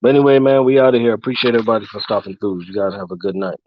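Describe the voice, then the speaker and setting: A man hosting a casual livestream, talking loosely with fillers and giving long shout-outs. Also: fairly low pitch, level tone, rapid-fire, no room sound. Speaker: livestream host. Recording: dull, lo-fi dry sound.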